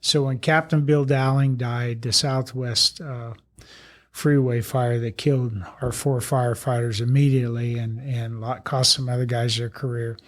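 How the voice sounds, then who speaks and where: Older man, retired fire chief as guest; mid-pitched, rambling and blunt, swears casually, pokes fun at himself. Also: little pitch movement, moderate pace. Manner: rambling, blunt, salty, self-deprecating. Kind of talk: storytelling interview talk.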